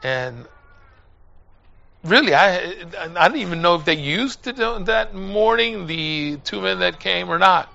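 An older man preaching a sermon, telling a personal story and building up to loud calls to his listeners. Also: high voice, expressive, slow, vocal fry, lo-fi sound. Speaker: pastor.

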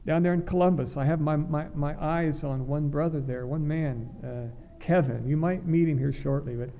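A middle-aged man preaches in an earnest, halting way, often repeating words as he restarts his thoughts. His voice is gravelly with a slightly raised pitch. The recording is dull and lo-fi. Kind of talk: sermon.

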